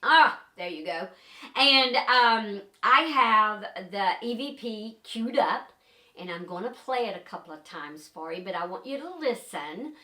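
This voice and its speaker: An older woman with a bright, forceful voice tells a story in a chatty way. She fills her talk with ums and uhs. The sound is roomy and echoey. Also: medium pitch, unhurried. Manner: chatty, lively storyteller with many fillers. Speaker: paranormal investigator. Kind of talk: casual storytelling to camera.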